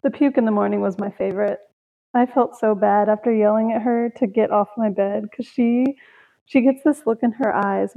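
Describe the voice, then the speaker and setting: A woman's voice: a little high, creaky. A young woman hosting a solo podcast, chatting casually and telling stories about her day with sighs and laughs. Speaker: podcast host. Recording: tinny phone-like audio.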